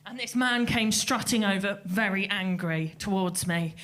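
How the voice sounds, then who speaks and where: A woman telling a lively anecdote on stage, acting out the quotes as she goes. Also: medium pitch, a little slow. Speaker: festival crew member telling a story.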